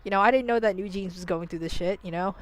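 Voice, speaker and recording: A woman with a mid-range voice talks fast while streaming a game, chatting casually with her viewers. She rambles and swears freely, restarting often and filling her speech with "like."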